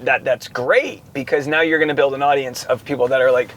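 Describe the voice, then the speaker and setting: A man's voice: medium pitch, steady tone, brisk, fairly bright tone. A man, a comedian and podcast host, chatting casually and playfully in a car, rambling with frequent laughs. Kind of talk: casual chat while driving.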